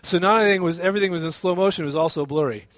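A man preaching a sermon as pastor, telling a personal story in an animated way with many restarts and fillers. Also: sits high, rapid-fire, dry recording.

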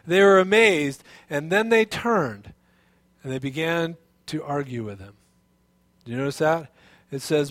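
A man preaching a sermon as pastor, telling a personal story in an animated way with many restarts and fillers. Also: on the high side, no echo.

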